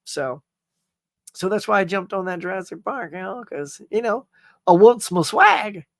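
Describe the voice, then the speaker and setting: A man's voice: sits high, animated, normal speed, no room sound, studio quality. A man hosting a casual live stream, rambling cheerfully, greeting viewers and reading their comments, often saying "y'all" and "man.".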